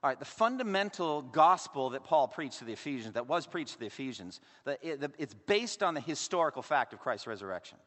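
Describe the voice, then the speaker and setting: A man preaching a sermon as pastor, varying his volume and pace with dramatic pauses. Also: mid-range voice, sing-song, a bit bright. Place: church sanctuary. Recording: long reverb of a large hall.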